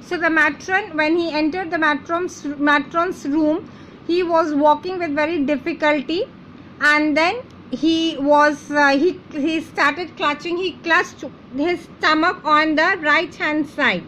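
A woman's voice: high voice, steady tone, slow pace, a bit bright, a little hiss or hum, rough recording. A woman teacher, reading a chapter aloud and explaining word meanings as she goes. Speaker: English teacher.

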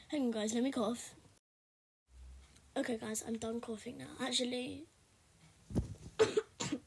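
High-pitched chatty young woman. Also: measured pace, vocal fry, long pauses, slight background noise. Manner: chatty, rambling, with bursts of loud excitement. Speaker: gaming video creator. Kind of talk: casual gameplay commentary.

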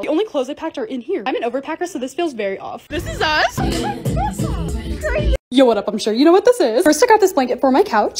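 A woman's voice: high-pitched, a little mellow. A woman in her twenties narrating a casual lifestyle vlog, bubbly and gushing over cute things. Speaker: lifestyle content creator.

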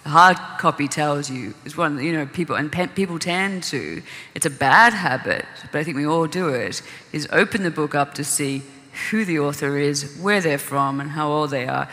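Woman novelist on a panel, bright-toned, casual, self-correcting, long hall reverb. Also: sits low, moderate pace, few pauses. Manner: thinking aloud with restarts, laughs readily. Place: conference hall.

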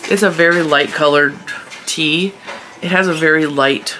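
A crochet channel host talks at her desk in a casual chat vlog, her deep, bright voice forceful and fairly even at a moderate pace. Rambling and laughing often, she sounds stuffy from allergies, and a faint hiss or hum runs underneath.

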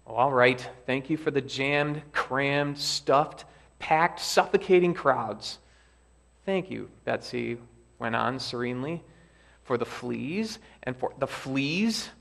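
A man's voice: mid-range voice, slow, vocal fry. Man preaching a sermon, earnest. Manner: earnest, reads quoted lines with lively emphasis. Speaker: pastor. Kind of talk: sermon with a read-aloud story. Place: church sanctuary.

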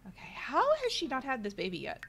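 A woman's voice: fairly high pitch, huge pitch swings, fast, gravelly, sharp tone. A middle-aged woman giving chatty let's play commentary, talking to her viewers and exclaiming at the game. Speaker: gaming channel host. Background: faint game music.

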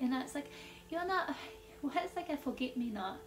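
Tarot lady rambling along, laughs a lot, kinda high voice, roomy echo and mic a bit far off. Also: expressive, a little fast, gravelly. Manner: chatty, laughs often, many "like" fillers. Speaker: tarot reader. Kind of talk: casual intuitive tarot reading. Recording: echoey room, mic at a distance.

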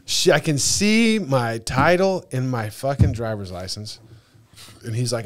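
Profane, animated storytelling man. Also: medium pitch, measured pace. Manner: animated, profane, acts out dialogue. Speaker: podcast guest. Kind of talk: casual storytelling.

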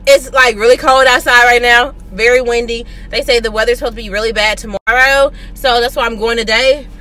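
A young woman chats through her day in a relaxed vlog, laughing often and calling her viewers y'all. Her voice sits a little high and has a bright, clear edge. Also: brisk. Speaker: vlogger. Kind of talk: casual vlog chat.

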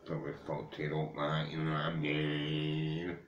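A man's voice: rumbling low, monotone, measured pace, dull audio, slight background noise. A man who has just woken up, rambling casually to viewers and swearing freely. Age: 30s. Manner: loose, swearing, slangy, addresses viewers as guys and mate. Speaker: vlogger. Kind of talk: rambling casual morning chat.

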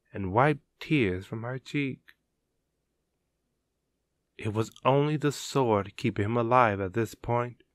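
A man narrating a dramatic story in a measured, unhurried way. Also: mid-range voice, no echo, studio quality. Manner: slow and measured, gravelly.

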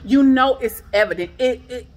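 A woman in her thirties telling an upset personal story in a vlog from her garage, her voice rising into pained, near-shouted questions. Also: high-pitched, moderate pace. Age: 30s. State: shaken. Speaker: vlogger.

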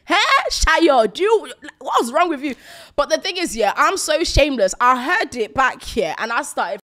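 A young woman chats as a co-host, her voice high and bouncing all over the place. She tells stories with animated laughs and a lot of play in her tone. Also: moderate pace. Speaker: podcast co-host. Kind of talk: casual chat.

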